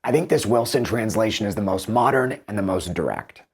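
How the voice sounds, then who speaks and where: A man giving measured, analytical commentary as a book reviewer, comparing translations with animated emphasis. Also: fairly low pitch, vocal fry, slightly rough.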